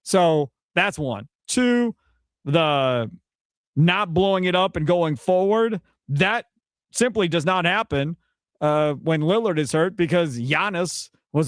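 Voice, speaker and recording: A man with a Wisconsin accent hosting a sports radio show, arguing his points in an animated way. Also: on the high side, takes it slowly, dry recording, clean studio sound. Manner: animated, argumentative, mocks others' panic in quotes. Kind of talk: sports talk radio commentary. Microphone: studio microphone.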